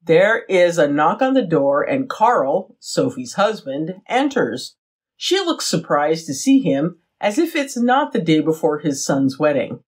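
Slow, husky-voiced woman podcaster. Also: sits low, sing-song. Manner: unhurried recap with laughing reactions. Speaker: podcast co-host. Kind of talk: casual recap chat.

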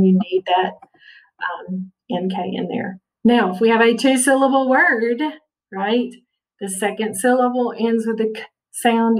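A woman teaches a spelling lesson over slides, patiently sounding out words and often checking in with her students. Her medium-pitched voice is a little mellow, heard through a distant mic on a rough recording.

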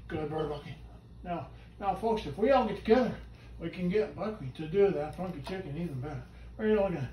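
A man performing a live show with his talking bird, coaxing it loudly and often yelling his patter. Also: sits high, a little fast, a little hiss or hum. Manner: loud, coaxing and prone to yelling. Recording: echoey room from far off.

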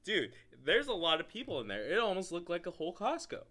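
A young male podcast co-host with a very bright, forceful voice, pitched a little high. He tells a story in a casual, animated way, full of filler words and sudden loud laughing bursts. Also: quick pace.

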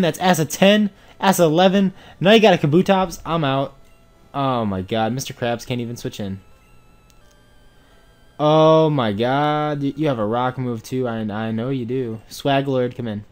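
A young man giving let's play commentary on a game, excitable and swinging from mumbles to shouts. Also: mid-range voice, a little slow, faint music behind. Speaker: gamer playing a Pokemon randomizer.

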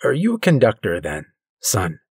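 A man voicing a weary, patient old male passenger on a train, speaking softly and quietly. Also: lowish voice, huge pitch swings, husky, no echo, clean studio sound, full character voice. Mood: calm. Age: older. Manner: soft, quiet, measured.

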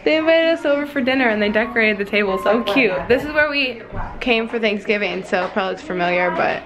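A woman's voice: a little high, expressive, fast talker, over a noisy crowd. A teenage girl vlogging in a bubbly, giggly, chatty way. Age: teens. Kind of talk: casual vlog chat.

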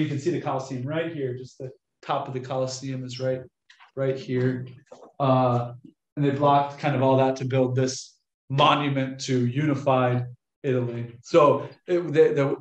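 A man, a Catholic priest, giving a casual, animated lecture and often restarting his sentences. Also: a little high, echoey room. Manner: chatty, animated, frequent restarts.

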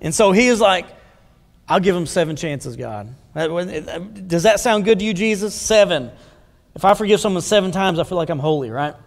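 Pastor, male, high-pitched, preaching conversationally with questions to the room, long church-hall echo. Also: fairly quick. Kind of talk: sermon. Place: church sanctuary.

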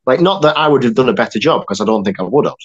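A young man, an actor and filmmaker, telling a lively story on a podcast with quick asides. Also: mid-range voice, husky, lo-fi sound. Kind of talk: casual anecdote telling.

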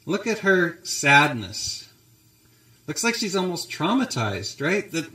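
Male pastor, storytelling sermon, slightly high voice, reverberant sanctuary. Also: big pitch swings, slow pace, pushed and bright. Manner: storytelling, addressing the congregation directly. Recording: roomy church echo.

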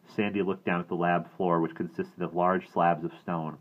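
A man narrating a novel aloud in a steady, expressive manner. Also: deep voice, moderate pace, hardly any pauses. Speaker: reader. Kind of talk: audiobook reading. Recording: tinny phone-like sound.

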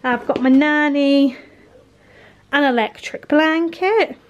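A woman in her thirties chats casually to the camera, walking viewers through her day in her kitchen. Her voice sits high and bright. She speaks warmly and easily, like a relaxed home vlog. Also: takes it slowly, highs cut off, a little hiss or hum. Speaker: vlogger. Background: household appliances humming.

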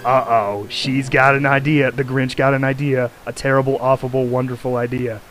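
A man's voice: medium pitch, little pitch movement, moderate pace, fairly bright tone, rough recording. A young man giving joking, giddy commentary while playing a video game. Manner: giddy, joking, laughs often. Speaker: gamer. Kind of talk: let's play commentary. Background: game music.

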